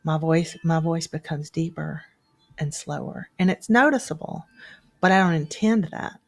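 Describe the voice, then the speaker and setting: A woman with a lowish, gravelly voice talks in a calm, reflective way. She sounds like a meditation guide thinking aloud in conversation. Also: normal speed, soft background music. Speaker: podcast co-host, meditation guide.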